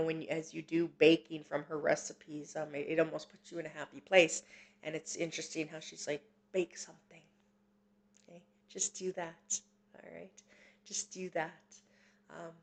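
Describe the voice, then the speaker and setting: A woman giving a live psychic reading in a gentle, reassuring way. Her voice is gravelly with a fry and stays fairly flat in pitch. She talks haltingly, with frequent fillers and restarts. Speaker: psychic medium host. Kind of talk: live-stream reading, casual chat.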